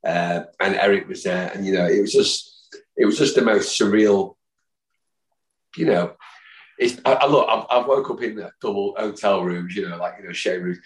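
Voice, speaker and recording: A man in his fifties with a low, deep voice, spinning rambling anecdotes as a podcast guest. He jumps into the voices of the people in his stories. The room adds a noticeable echo. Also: moderate pace. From Manchester, England. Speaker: podcast guest, football fan. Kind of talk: anecdotal storytelling. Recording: roomy echo.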